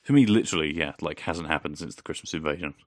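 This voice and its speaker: A man's voice: rumbling low, fast, no echo, studio quality. A man co-hosting a podcast, chatting casually and enthusiastically, swearing freely and acting out quoted lines. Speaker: podcast co-host. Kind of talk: casual fan chat.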